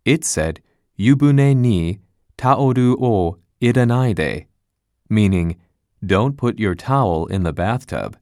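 Man, scripted essay narration, low voice, dry close sound, measured careful reading. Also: darkish tone, no room sound.

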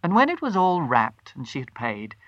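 A storyteller reading a short story aloud with a dramatic, animated delivery. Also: mid-range voice, normal speed, no room sound, lo-fi sound.

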